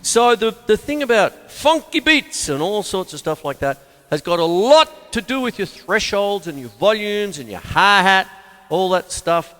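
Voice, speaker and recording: An older man, giving a casual spoken drum lesson, chatty and self-mocking with sudden loud exclamations. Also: high voice, sing-song, unhurried, faint music behind. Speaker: drum teacher. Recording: drum studio with long reverb and loud drums.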